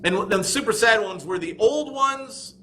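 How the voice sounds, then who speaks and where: A man teaching a classroom Bible lesson, animated and acting out quoted voices as he explains. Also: high voice, a little slow, slight background noise. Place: church school classroom.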